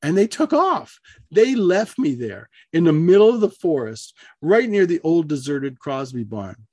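Animated husky male storyteller. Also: normal speed, dry recording. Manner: animated, acts out voices with big pitch jumps. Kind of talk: told personal story, on radio.

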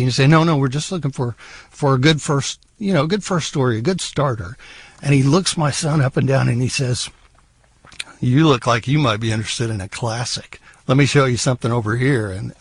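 With a mid-range voice and no echo, a middle-aged man who sometimes co-hosts the show tells a humorous story from his own life. He plays it up, acting out the voices of the people in his tale.

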